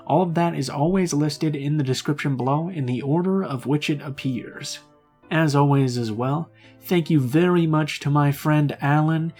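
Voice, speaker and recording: Man hosting a spooky story channel. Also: on the high side. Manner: relaxed, chatty, with frequent filler "uh". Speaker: horror story narrator and channel host. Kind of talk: story reading and casual outro.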